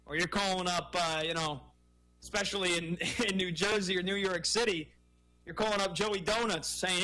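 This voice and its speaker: A man hosting a sports talk radio show in a bright, forceful voice pitched a little high. He talks with energy and keeps the conversation moving as he takes calls. The sound is that of a radio broadcast. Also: fairly even intonation, fairly quick, poor audio.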